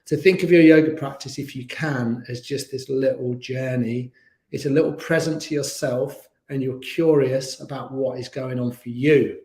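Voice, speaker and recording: A man's voice: medium pitch, fairly even intonation, normal speed, a little mellow. Chatty male yoga teacher in an echoey studio. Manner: chatty and encouraging, with little laughs. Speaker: yoga instructor. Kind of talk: guiding a beginners yoga class. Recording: roomy studio echo.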